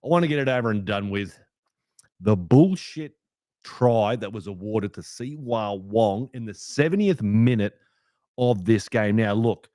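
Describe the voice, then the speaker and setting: A young Australian man hosting a fan podcast, ranting heatedly with plenty of swearing, a little rough from a hangover. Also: mid-range voice, dry recording, clean studio sound. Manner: heated, sweary rant with lively swings. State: hungover, rough voice. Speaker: podcast host. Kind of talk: fan podcast match review.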